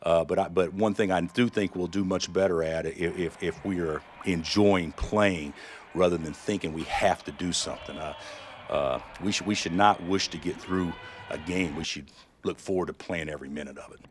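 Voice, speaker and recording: A male basketball coach gives an interview soundbite, halting and repeating words as he works through his thoughts. His voice is very low. Faint room noise sits behind him. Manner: halting, repeats words while thinking aloud.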